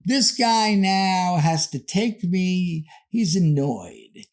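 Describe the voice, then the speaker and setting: A man casually telling a lively anecdote on a podcast, acting out the other people in it. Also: high-pitched, drawn-out words. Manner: animated anecdote telling, acts out quoted voices. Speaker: podcast guest storyteller. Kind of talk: casual storytelling.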